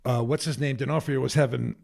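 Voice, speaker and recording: An older actor and comedian, appearing as a podcast guest, tells casual anecdotes in a lively way, laughing as he acts out other people. His mid-range voice moves fast and carries vocal fry.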